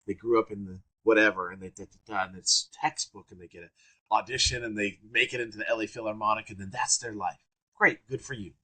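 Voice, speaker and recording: A man guesting on an interview podcast, telling lively anecdotes in a casual, excitable way. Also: on the low side, quick pace, slightly rough. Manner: animated, excitable anecdotes with bursts of energy. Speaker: guest trumpeter. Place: works around Orange County, California.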